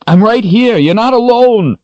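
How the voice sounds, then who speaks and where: A man's voice: sits high, no echo, lo-fi sound, voice pushed up. A male narrator voicing a young man who pleads urgently, raising his voice above the narration. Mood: desperate. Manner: urgent pleading shifting to calm, slow reassurance. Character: young man, desperate then calm and steadying.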